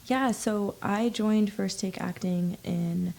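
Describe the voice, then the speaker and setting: An American young woman, an actor appearing as a podcast guest, chats casually in an interview, thoughtful and agreeable, sometimes drawing out her words. Her mid-range voice is slow and dark-toned, with vocal fry.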